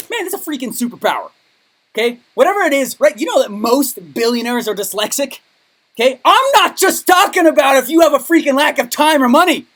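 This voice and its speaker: Male business coach, punchy motivational delivery, keeps checking in with "okay?". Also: a bit bright. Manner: high-energy, emphatic, keeps asking "okay?". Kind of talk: motivational training talk.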